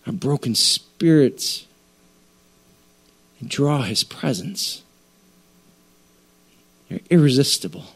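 A man's voice: medium pitch, animated, takes it slowly, vocal fry, pauses often, slightly rough. A male preacher giving a sermon in an emphatic, repetitive, conversational way.

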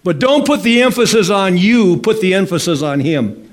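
High-voiced preaching pastor, slow and emphatic. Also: male voice, lively intonation. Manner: slow emphatic preaching with drawn-out phrases and calls to the congregation. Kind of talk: sermon.

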